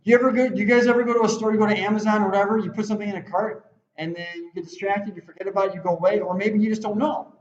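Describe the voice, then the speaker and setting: A man's voice: sits high, steady tone, very fast. A man teaching a web design class in a rambling, conversational way, often acting out quoted lines. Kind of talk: classroom lecture. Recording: roomy, slightly dull classroom recording.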